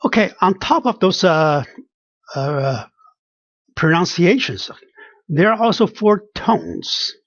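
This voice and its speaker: Slow, dry-voiced pronunciation teacher. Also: mid-range voice, very animated, dry recording. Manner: repeats each sound slowly, many restarts. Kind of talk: pronunciation lesson with spoken examples. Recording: dull lo-fi dry recording.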